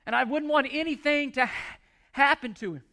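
A man's voice: very high voice, normal speed, sharp tone. A middle-aged man preaching a sermon, earnest and pleading, often repeating words as he restarts. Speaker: pastor.

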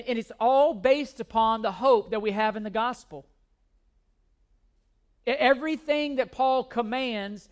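Brief: pastor in mid-sermon, emphatic, hammers key words, jokes at own expense. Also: mid-range voice. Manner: self-deprecating humor.

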